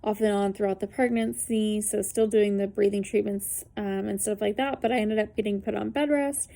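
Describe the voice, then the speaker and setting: A woman's voice: mid-range voice, fairly even intonation, normal speed, gravelly, mellow. A woman in her thirties talking casually and earnestly to camera, with many fillers, about something she lived through. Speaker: vlogger sharing a personal story. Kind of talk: casual spoken testimony to camera.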